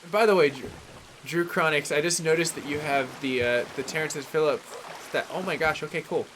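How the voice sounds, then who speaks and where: Brisk and fairly bright, this man's voice runs on the high side, with a slight background noise. He's a talkative gaming streamer from the San Francisco Bay Area giving casual live commentary, rambling with frequent "like" and "um" and naming chat viewers as he greets them.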